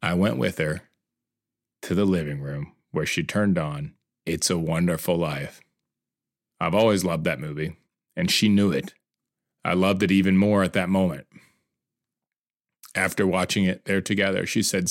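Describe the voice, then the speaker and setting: A man's voice: sits low, fairly even intonation, normal speed, pauses often, dry recording, studio quality. A middle-aged man narrating his own life story in an earnest, confessional way. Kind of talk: emotional personal narration.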